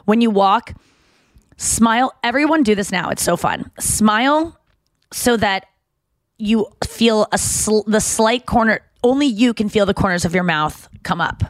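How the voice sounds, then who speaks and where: A woman's voice: mid-range voice, expressive, normal speed, no echo. A young woman co-hosting a chatty podcast, her mid-range voice recorded dry and close. She tells frank, crude stories and slips into the voices of the people in them. Her delivery is candid and unfiltered. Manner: candid, crude storytelling with acted-out quotes. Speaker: podcast co-host. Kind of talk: casual chat.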